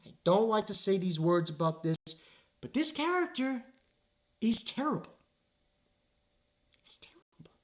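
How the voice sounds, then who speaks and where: A man reviewing an anime episode in a casual spoken style, exasperated and rambling, halting on fillers. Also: high-pitched, very animated.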